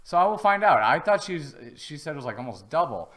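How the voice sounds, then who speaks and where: A man's voice: fairly high pitch, very animated, fast talker, fairly bright tone. A man hosting a casual live-stream product review from home, chatty and rambling, with easy jokes. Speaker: host.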